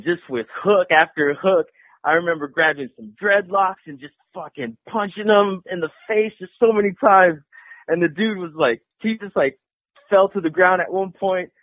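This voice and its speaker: Young male caller, swearing storyteller, slightly high voice, phone-line sound. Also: no room sound. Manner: profane, animated, acts out voices. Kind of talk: casual storytelling. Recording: tinny phone-line radio call.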